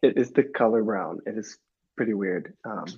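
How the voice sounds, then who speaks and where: Young man, from Minnesota, podcast guest, husky, rambling casual talk, muffled lo-fi audio. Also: on the low side, normal speed. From Minnesota, USA. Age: 20s. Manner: loose and rambling, many restarts. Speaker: guest, professional soccer player.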